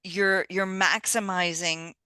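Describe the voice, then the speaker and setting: Slow, bright-voiced woman host. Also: on the low side, little pitch movement, clean tone, no room sound. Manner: encouraging, affirming interjections. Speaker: interview host. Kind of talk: casual interview.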